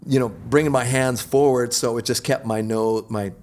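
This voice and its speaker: A middle-aged man, an extreme athlete guest, telling a story in an animated, slangy, laid-back way. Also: medium pitch, moderate pace. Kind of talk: casual storytelling interview.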